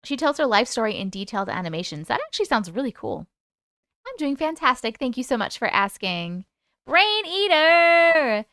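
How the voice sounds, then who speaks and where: A woman hosting a live stream, reading viewer comments aloud and greeting people in a bubbly, chatty way with a high, squeaky voice. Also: sing-song, fairly quick, fairly bright tone, no echo, studio quality. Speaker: host reading live chat. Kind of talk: casual live-stream chat.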